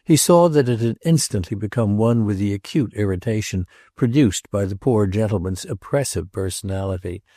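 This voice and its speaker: A man narrating a classic novel as an audiobook, in a measured, even literary reading. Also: on the low side, vocal fry, dry recording, clean studio sound.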